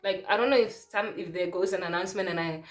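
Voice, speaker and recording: A young adult woman chatting casually to her vlog viewers, often pausing to search aloud for the right word. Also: fairly low pitch. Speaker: vlogger. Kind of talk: casual vlog chat to camera. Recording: roomy echo.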